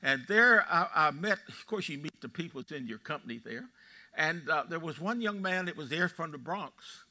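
A man's voice: a little high, animated, moderate pace, bright, forceful tone. A man in his eighties with a Texan accent, preaching a sermon in a folksy storytelling way and quizzing his congregation. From Texas. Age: 80s. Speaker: pastor. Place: church sanctuary.

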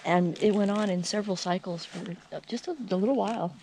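Woman, casual vlog chat, outdoor campsite, handheld camera, gravelly, faint background noise. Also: mid-range voice, fairly quick. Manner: relaxed, chatty, with many fillers. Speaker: vlogger filming a hike. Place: outdoor campsite by a trail shelter. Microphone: handheld camera held by the speaker.

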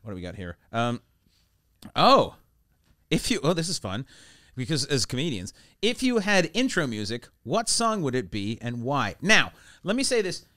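A man's voice: mid-range voice, wildly swooping pitch, normal speed, sharp tone. A man hosting a comedy podcast in a studio, joking loosely, cracking up and breaking into silly voices. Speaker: podcast host. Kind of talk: casual comedy chat. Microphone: studio mic.

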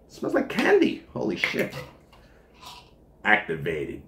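A man's voice: medium pitch, lively intonation, fairly quick, reverberant. A man reviewing a supplement in a casual vlog from his home kitchen, joking and swearing as he rambles.

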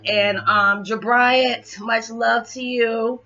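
A woman's voice: medium pitch, fairly quick, sharp tone. A young woman vlogging heartfelt spiritual encouragement to her viewers, hyper and rambling, close to tears at times. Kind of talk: heartfelt motivational talk to viewers. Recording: slightly dull lo-fi sound with faint background music.

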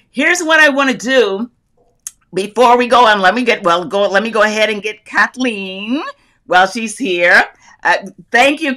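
A middle-aged woman from North Carolina runs a crafting livestream in a medium-pitched, sharp-toned voice. She chats effusively while reading viewer comments, laughs often, and greets people by where they live.

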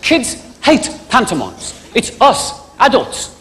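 A man's voice: very high voice, wildly swooping pitch, slow pace. Cheeky Brummie man doing stand-up live. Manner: chatty, cheeky, slips into mock voices for jokes. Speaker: stand-up comedian. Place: large theatre stage, live audience. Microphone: stage microphone. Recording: live theatre recording with hall echo and loud audience. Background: audience laughter.

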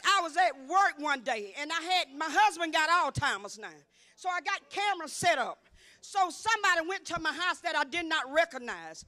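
A woman's voice: very high-pitched, animated, moderate pace, sharp tone, dry recording. A woman in her fifties giving a church testimony, telling her story vividly and acting out each exchange, rising to emphatic exclaiming. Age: 50s. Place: church convocation.

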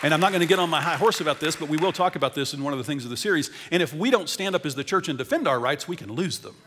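American pastor preaching in reverberant hall. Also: male voice, fairly high pitch, expressive, racing, some chatter behind. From United States. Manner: storytelling, shifts between loud emphasis and quiet intensity. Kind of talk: sermon. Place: large church auditorium. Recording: long hall reverb in church.

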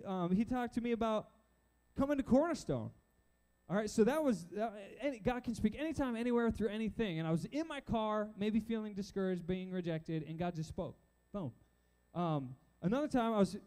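Young male preacher, high mellow voice, animated storyteller. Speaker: youth pastor. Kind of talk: sermon. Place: church stage before a crowd.

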